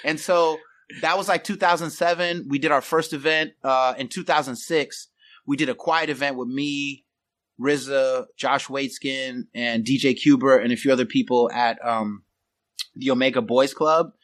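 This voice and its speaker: A middle-aged man from the Bay Area, a podcast guest telling stories in a casual, animated way, acting out quoted voices and laughing often. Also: medium pitch, moderate pace. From San Francisco Bay Area. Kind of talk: casual storytelling.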